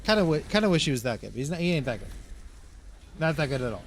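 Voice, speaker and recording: A man's voice: on the high side, sing-song, fast talker, slight background noise. A man streaming a game live, rambling through casual commentary to himself and his chat.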